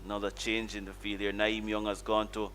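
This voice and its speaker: A man with a Caribbean accent giving calm, measured colour commentary on a live cricket match and explaining tactics. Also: fairly low pitch. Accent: Caribbean English. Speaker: cricket analyst.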